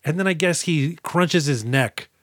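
A rambling man with a somewhat high voice, co-hosting a casual movie podcast. He retells scenes loosely and curses freely. The sound is close and dry, with no room around it. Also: no room sound. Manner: rambling, profane, retells scenes with quick put-on quotes. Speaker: podcast co-host. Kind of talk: casual movie recap chat.

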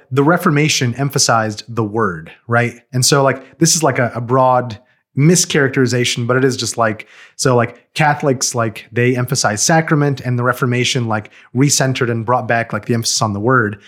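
Man talking quickly with lots of fillers. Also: medium pitch. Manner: quick, filler-heavy speech with many "like"s. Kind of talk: casual chat.

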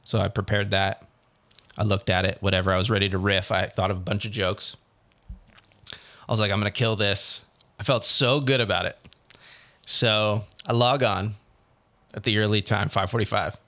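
A man's voice: on the low side, moderate pace, pauses often. Casual young man telling a story. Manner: animated storytelling, swearing, quoting others. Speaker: actor telling about auditions. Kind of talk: casual chat.

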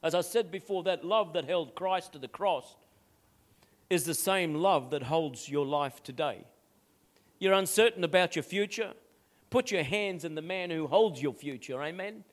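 High-voiced older pastor preaching. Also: male voice, moderate pace. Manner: emphatic preaching with frequent "amen?" asides. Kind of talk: sermon.

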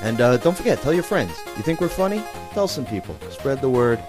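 A man hosts a rowdy podcast with a brash, joking manner. He pushes his punchlines loud. Faint music sits behind his voice. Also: medium pitch, very animated, a little fast. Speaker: podcast host. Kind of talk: crude casual banter.

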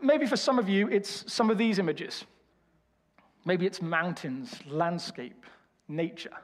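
A man's voice: high-pitched, takes it slowly. A man from Birmingham with a Birmingham accent, preaching a sermon with humorous, self-deprecating storytelling. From Birmingham, England. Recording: reverberant hall.

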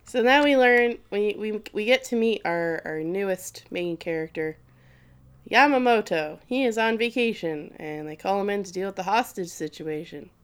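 A woman's voice: mid-range voice, animated, moderate pace, clean tone. A woman co-hosting a casual podcast, recapping an anime with crude jokes and frequent laughs. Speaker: podcast co-host.

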